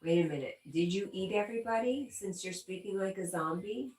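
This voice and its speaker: A woman's voice: mid-range voice, fairly quick, darkish tone. A woman hosting a livestream, casually chatting with viewers and giggling often. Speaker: livestream host reading viewer chat. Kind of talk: casual live chat. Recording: roomy echo, distant from the mic.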